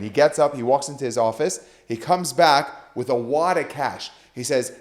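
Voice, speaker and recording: A man's voice: mid-range voice, moderate pace, few pauses. A man on a podcast, telling a story with animation and acting out the quoted dialogue. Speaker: guest speaker.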